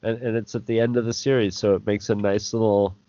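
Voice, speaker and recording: A man's voice: fairly low pitch, level tone, mellow, no echo. A man co-hosting a podcast, chatting casually and stopping and restarting his sentences. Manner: halting, restarts a lot. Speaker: podcast co-host. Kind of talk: casual chat. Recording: dry, dull lo-fi audio.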